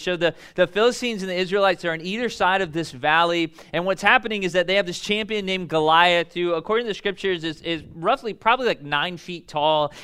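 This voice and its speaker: A man's voice: high voice, sharp tone, smooth. A young man preaching a casual, joking sermon full of fillers and asides. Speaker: pastor.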